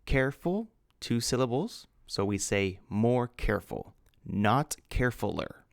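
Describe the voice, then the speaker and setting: A gravelly, low-voiced man teaching a grammar lesson at a slow, deliberate pace. He spells words out letter by letter and explains each rule patiently. The sound is dry and close. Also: lively intonation, no echo. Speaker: English teacher.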